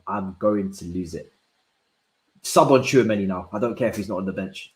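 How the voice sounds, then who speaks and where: A young man reacting live to a football match, swinging from low muttering to loud shouts and using plenty of slang. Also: animated, brisk, echoey room, low-quality recording. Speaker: football watch-along streamer. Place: indoor room at home.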